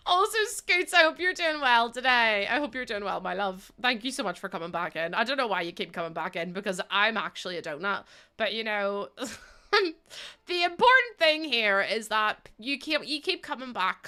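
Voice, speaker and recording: A woman's voice: mid-range voice, pushed and bright. A young woman streaming and chatting casually with her viewers, giggling often and singing bits of songs. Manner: chatty, giggly, reads chat aloud, sings snippets. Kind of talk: casual livestream chat while building.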